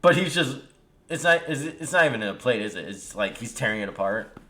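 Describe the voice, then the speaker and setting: A man's voice: medium pitch, expressive, fast, bright, forceful tone. A man playing his character in an online tabletop game, hesitant and polite with many fillers. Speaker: player.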